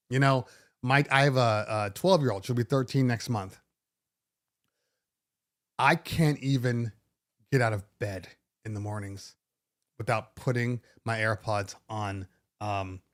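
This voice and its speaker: A middle-aged man hosting a DJ podcast, talking casually in an animated, sarcastic way with many restarts. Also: medium pitch, unhurried, long pauses. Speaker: DJ podcast host. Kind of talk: casual monologue.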